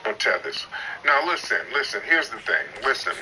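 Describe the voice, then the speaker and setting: A man hosting a live online chat, roasting callers in a teasing, mock-stern way with loud bursts. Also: mid-range voice, very animated, normal speed. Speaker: host of a live audio chat stream. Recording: distant noisy online voice chat.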